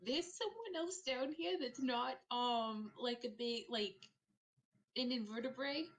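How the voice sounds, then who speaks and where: A woman's voice: fairly high pitch, takes it slowly. A woman playing a tabletop game, rambling and swearing, with many fillers. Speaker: player. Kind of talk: casual tabletop play.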